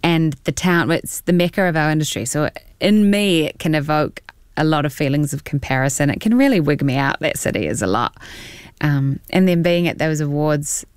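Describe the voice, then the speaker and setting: A New Zealand woman in her forties chats as an interview guest, slipping into the voices of the people in her stories and laughing as she goes. Her voice sits fairly low, and the sound is dry and close, with no room around it. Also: normal speed, smooth, no echo. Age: 40s. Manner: animated storyteller, acts out quotes, laughs often. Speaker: actor guest. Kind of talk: casual interview chat.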